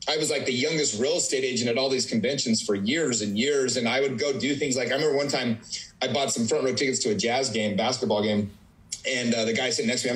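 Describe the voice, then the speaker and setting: Fast-talking young man telling stories. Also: mid-range voice, a bit bright, low-quality recording. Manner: rambling, heavy use of "like". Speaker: podcast guest, real estate agent. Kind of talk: casual conversational storytelling.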